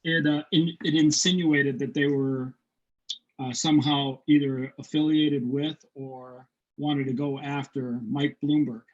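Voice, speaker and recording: A man hosting a podcast, chatting casually and joking while firing off quick questions. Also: mid-range voice, level tone. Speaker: podcast host. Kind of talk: casual chat. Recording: muffled lo-fi audio.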